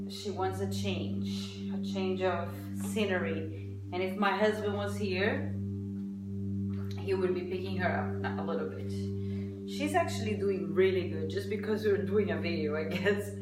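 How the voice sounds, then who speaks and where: A woman talking casually about caring for her baby while holding and rocking her at home, gentle and unhurried with frequent pauses. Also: medium pitch. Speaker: vlogger and new mother. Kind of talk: casual parenting advice vlog.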